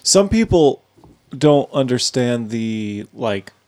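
An easygoing man from Texas chats on a casual podcast, his voice at an ordinary middle pitch. He drops curses freely and slips into playful asides. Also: very animated, slow pace, darkish tone. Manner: easygoing, profane, laughing asides.

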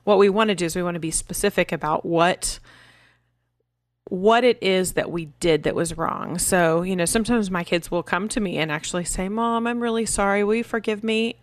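A woman co-hosting a casual parenting podcast, animated and acting out what her kids say in a higher voice. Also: normal speed, dry recording, clean studio sound. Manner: animated, acts out quotes in higher voice. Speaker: podcast co-host.

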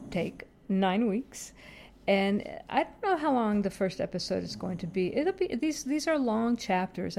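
Woman host for a solo home podcast. Low, warm voice. Rambling, self-mocking chat. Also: slight background noise. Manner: rambling, chatty, self-deprecating.

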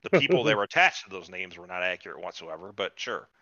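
A man rambles through a recap on a casual podcast, swearing freely and slipping into the characters' lines. His voice is bright and sits close and dry on the mic, though the recording is a little dull and lo-fi. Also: sits low, big pitch swings, quick pace, dry recording. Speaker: podcast host. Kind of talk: casual chat recapping a TV episode. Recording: slightly dull lo-fi sound.

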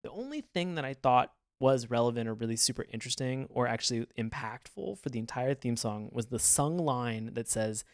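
A man co-hosting a podcast in casual chat, rambling and animated, laughing often. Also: medium pitch, brisk, few pauses, dry recording, clean studio sound. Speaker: podcast co-host.

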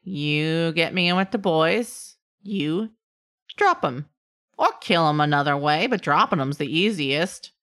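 A woman's voice: sits low, expressive, a little slow, fairly bright tone. A woman voicing a scheming gnome thug. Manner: blunt, bargaining, hesitant fillers. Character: scheming male gnome thug, betraying his family.

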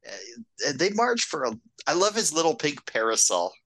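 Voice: mid-range voice, big pitch swings, normal speed, a bit bright. A podcast co-host chatting casually about a movie, tossing in wry remarks and the odd swear.

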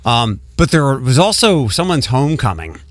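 A man's voice: mid-range voice, very animated, normal speed, no room sound. A man hosting a morning radio show, teasing his co-host in a wry way.

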